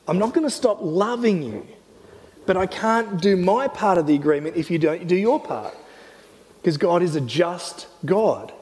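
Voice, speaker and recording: Male pastor, slightly high, mellow voice, earnest sermon delivery, hall reverb. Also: measured pace. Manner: earnest, animated, often voices God in quotes. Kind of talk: sermon teaching.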